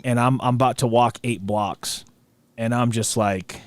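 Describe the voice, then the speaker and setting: A man hosting a podcast, telling a story in a relaxed, slangy way full of dude and bro. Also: mid-range voice, a little slow, no echo. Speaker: podcast host. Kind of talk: casual storytelling chat.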